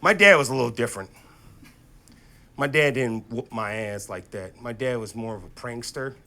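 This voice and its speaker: A man doing stand-up comedy on stage, telling animated stories from his life into a handheld mic. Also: mid-range voice, slight background noise. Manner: animated, quick to act out quotes. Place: comedy stage before a live audience.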